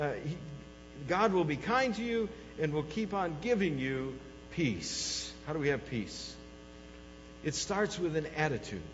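A male pastor delivers a sermon with dynamic swings, dropping to near-quiet and then rising loud, often questioning the congregation. His slightly high voice carries a long hall reverb. The recording is dull and muffled, with a faint mains hum. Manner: dynamic preaching, swinging between soft and loud.

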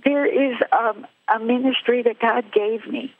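A woman's voice: on the high side, steady tone, unhurried. An older woman giving her personal testimony in an earnest, plain storytelling way, heard over a tinny phone line.

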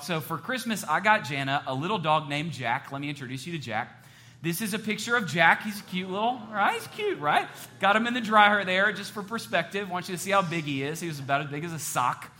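Male pastor, middle-aged, sermon, animated storytelling, bright forceful voice, slightly high. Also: a little hiss or hum. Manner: animated storyteller, joking with the audience.

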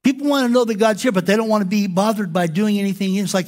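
A man preaching a sermon as pastor, animated and acting out quoted prayers in different voices. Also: high-pitched, fast, few pauses.

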